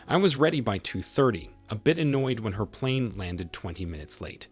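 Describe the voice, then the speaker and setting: A middle-aged man tells his own story in a low, husky voice, with plenty of movement in pitch. His tone is dry and faintly sarcastic, and faint music runs under the narration. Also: animated, moderate pace, few pauses, dry recording. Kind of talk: scripted narration.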